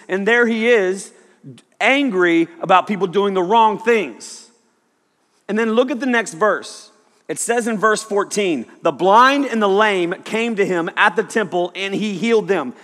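A pastor preaches in a lively, joking way, slipping into the voices of the people he describes. His voice sits high and sounds bright and sharp. It rings out with a long reverb from a large church hall. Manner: joking, animated, acts out quoted people. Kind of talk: sermon. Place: church auditorium.

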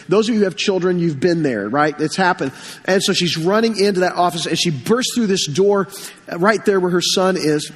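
Man, pastor, earnest sermon, husky, recovering from illness, long reverb. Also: high-pitched. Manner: earnest preaching with stories and repeated phrases.

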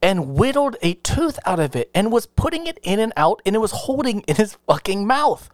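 Man, podcast co-host, lively swooping pitch, dry close sound, cursing anecdotes. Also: normal speed, dry recording. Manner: profane, laughing storyteller. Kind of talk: casual chat, storytelling.

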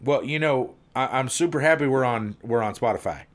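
A man's voice: medium pitch, brisk, a little hiss or hum. A man hosting a podcast in casual, joking, rambling chat. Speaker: podcast host.

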